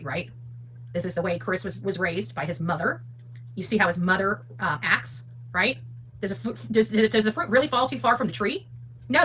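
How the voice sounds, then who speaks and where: A woman's voice: on the low side, slight background noise, poor audio. A woman hosting a casual livestream, reading posts aloud and answering them with heated sarcasm. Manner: heated, sarcastic, rising to near-shouting. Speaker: livestream host.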